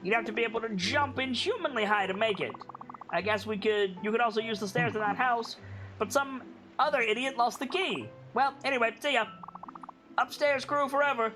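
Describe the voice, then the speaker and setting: A woman's voice: a little high, brisk, a bit bright, slight background noise, voice pushed up, close to an everyday voice. Woman doing a cocky teasing upstairs character. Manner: brash, teasing. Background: game music.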